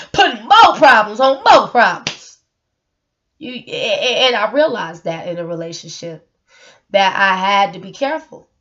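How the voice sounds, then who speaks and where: A woman's voice: mid-range voice, expressive, unhurried, long pauses, fairly bright tone, lo-fi sound. Earnest woman in an emotional vlog. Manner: emotional, earnest, repeats words, rhetorical questions. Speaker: single mother sharing her story. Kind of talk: personal vlog monologue.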